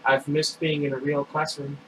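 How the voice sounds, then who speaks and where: A man's voice: a little high, monotone, moderate pace, close to an everyday voice. A man reading a book aloud, voicing a bookish, thoughtful teenage boy in a plain, sensible tone. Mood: hopeful. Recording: distant mic with air conditioner hum.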